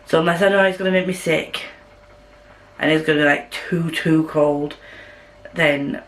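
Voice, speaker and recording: A woman's voice: deep voice, steady tone, normal speed, rough recording. A woman from the north of England with a Yorkshire accent, chatting casually to camera at home in a rambling, self-deprecating way. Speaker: vlogger. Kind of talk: casual chat.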